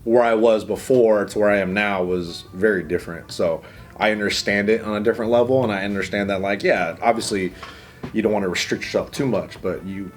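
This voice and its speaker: A man's voice: lowish voice, fairly quick, faint music behind. A man who co-hosts a podcast, talking casually and swearing freely as he tells a story. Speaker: podcast co-host. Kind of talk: casual chat.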